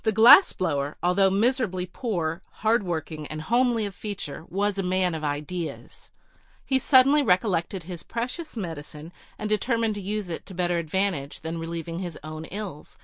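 Woman reading an old fairy tale, steady pace, dry close mic. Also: lowish voice, normal speed, no echo. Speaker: narrator. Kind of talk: storybook reading.

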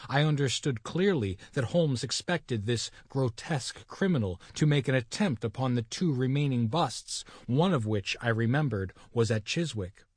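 A man narrating a classic detective story aloud in a steady, even storytelling manner. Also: mid-range voice, normal speed, few pauses, husky, no echo, clean studio sound. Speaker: audiobook narrator.

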